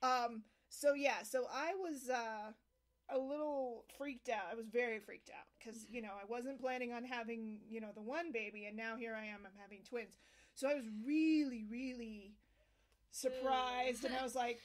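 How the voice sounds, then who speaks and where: A woman with a fairly high voice tells a personal story at home, full of "um"s and restarts. She gets animated and jumps into higher voices when quoting people. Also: normal speed. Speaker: host. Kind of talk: casual storytelling interview.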